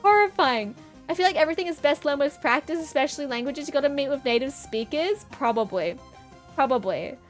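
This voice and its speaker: A woman streamer with a high, bouncy voice that swoops all over the place, rambling through silly tangents and giggling between thoughts. Soft music plays faintly underneath her casual live-stream chatter. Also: lively intonation, fairly quick. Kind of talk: casual live-stream chat while drawing.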